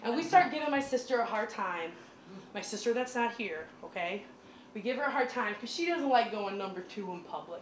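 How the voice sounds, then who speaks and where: A woman doing stand-up storytelling in a small comedy club, chatty and animated, full of "like" fillers. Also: fairly high pitch, a little fast. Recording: echoey club room with crowd noise.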